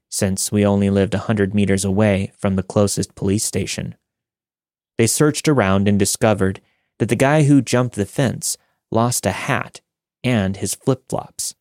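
Low-voiced man narrating scary stories. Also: no room sound, studio quality. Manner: steady, measured reading of first-person accounts. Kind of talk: scripted horror story narration.

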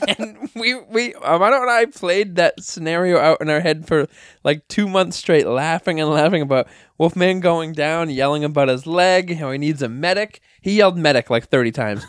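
A man's voice: on the high side, clear, resonant tone, no room sound, clean studio sound. A man telling a story in casual podcast chat, rambling with many fillers and frequent laughs. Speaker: podcast guest, wrestler.

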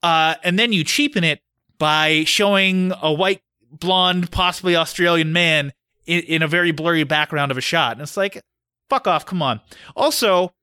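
A man's voice: fairly high pitch, normal speed, sharp tone, clear, resonant tone, dry recording, clean studio sound. A young man co-hosting a casual film podcast, blunt and ranting, swearing freely. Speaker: podcast co-host. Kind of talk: casual film review chat.

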